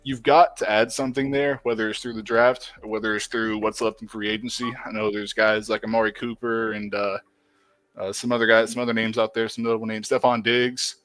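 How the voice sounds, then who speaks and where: Male sports show guest, low voice, measured, dry recording. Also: level tone, fairly bright tone, no room sound, soft background music. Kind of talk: casual sports talk.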